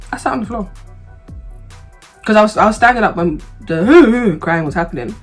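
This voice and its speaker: A woman telling a personal story straight to her audience, lively and funny, full of slang and sudden heat. Her voice sits at a middle pitch, and faint music plays underneath. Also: fairly quick. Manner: animated, humorous, slangy, turns heated when reliving anger. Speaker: vlogger. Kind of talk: casual storytelling.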